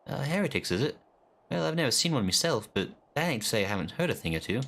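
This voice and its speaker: A man voicing a chatty, low-born male soldier who talks in a folksy way, reading game dialogue aloud. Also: sing-song, fast talker, vocal fry, fairly bright tone, slight background noise. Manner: folksy, drops his grammar.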